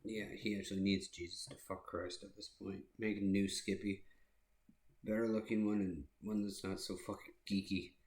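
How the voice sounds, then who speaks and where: Low-voiced sarcastic guy in an echoey room. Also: little pitch movement, moderate pace, a little mellow. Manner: crude, sarcastic. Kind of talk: casual chat.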